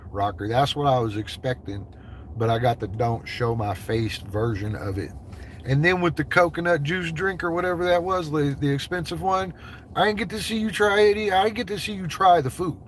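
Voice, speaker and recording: A man's voice: a little high, normal speed, slight background noise. Man doing a loose, profane livestream chat. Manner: loose, profane, joking banter. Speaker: livestreamer chatting with viewers.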